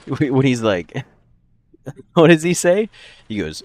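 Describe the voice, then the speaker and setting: A man's voice: mid-range voice, wildly swooping pitch, slow pace, long pauses, no echo. A man streaming a puzzle game, chatting casually and joking with his viewers. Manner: joking, chatty, laughs often. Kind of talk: casual gaming commentary.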